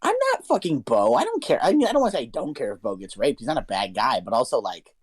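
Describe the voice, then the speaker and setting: A man's voice: medium pitch, wildly swooping pitch, racing, husky. A young man co-hosting a podcast, telling a story in casual chat, swearing a lot and talking with animation. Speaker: podcast co-host.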